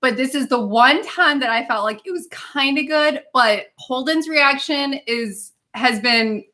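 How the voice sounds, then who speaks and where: A woman's voice: sits high, measured pace, bright, forceful tone. A woman co-hosting a casual live stream, chatting in a self-conscious, giggly way. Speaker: co-host.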